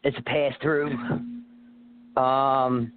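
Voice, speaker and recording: A man's voice: medium pitch, flat delivery, extremely slow, slight background noise. A man calling in to a talk radio show, talking in a rambling, profane, streetwise way. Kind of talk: casual phone-in chat. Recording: tinny phone line.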